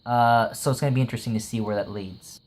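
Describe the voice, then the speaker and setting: A man gushing through a casual episode review, voice sitting at an ordinary middle pitch. He laughs often, fills with "like," and slips into quick impressions of the characters as he retells the plot. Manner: excitable, laughs often, many "like" fillers; retells scenes with quick acted quotes. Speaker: anime reviewer.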